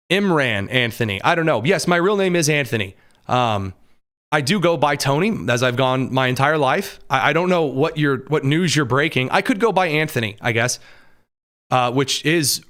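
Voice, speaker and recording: A man from the American Midwest hosting a podcast, talking in a casual, animated commentary style with sarcastic asides and frequent fillers. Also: medium pitch. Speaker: podcast host.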